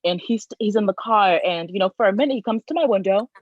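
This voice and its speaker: Woman, casual storytelling, animated, dull dry lo-fi recording. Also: medium pitch, fast, dry recording. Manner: animated, lively retelling with frequent fillers. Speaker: storyteller sharing a personal story.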